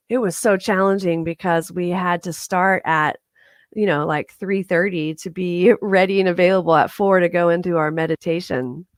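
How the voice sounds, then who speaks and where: Woman pastor preaching casually, kinda low voice, dry close sound, keeps laughing and saying right?. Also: dry recording. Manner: conversational, chuckles often, asks "right?". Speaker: reverend. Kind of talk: sermon.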